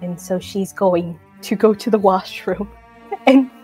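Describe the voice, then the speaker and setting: A woman's voice: medium pitch, slow, a little mellow, faint music behind. A woman playing a tabletop game, giggly and hesitant. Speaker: player. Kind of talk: casual tabletop play.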